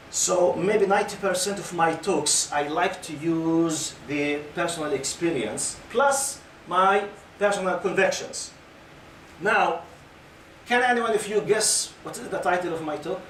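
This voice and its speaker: A man in his fifties with a fairly high voice lectures a room of young listeners and keeps asking them questions. His phrasing is loose and repetitive. The sound is roomy and distant, with faint background noise. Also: fairly bright tone. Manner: questions the audience and waits for answers. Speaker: Islamic lecturer. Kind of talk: lecture to a youth audience. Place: lecture hall with a live audience. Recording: echoey room picked up from a distance.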